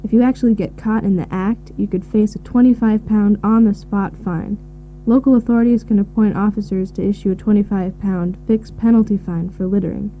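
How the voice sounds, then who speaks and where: A woman giving measured, informative answers in a scripted listening recording. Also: medium pitch. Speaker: expert answering questions. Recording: tinny phone-like audio with faint hiss.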